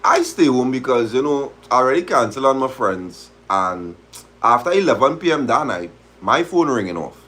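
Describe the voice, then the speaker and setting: Male streamer, husky voice, lively pitch, reads aloud and riffs on the story. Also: moderate pace. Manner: animated, dialect-heavy, laughs at the story. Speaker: host of a live talk stream. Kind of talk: reading a story aloud and reacting, casual.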